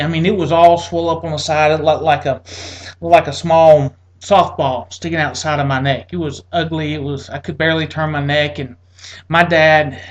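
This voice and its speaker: A man recounts a long personal ordeal in a loose, conversational way. His frustration shows as his voice leaps up when he replays his own complaints, then sinks into quieter asides. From Atlanta area, United States. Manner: exasperated, acts out quotes with rising pitch. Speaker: military veteran telling his story. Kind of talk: casual personal storytelling.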